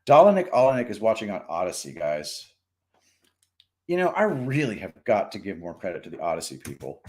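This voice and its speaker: A man's voice: on the low side, sing-song, brisk, a little mellow. A man hosting a casual livestream, chatting with viewers, greeting them by name and telling jokes. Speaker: livestream host.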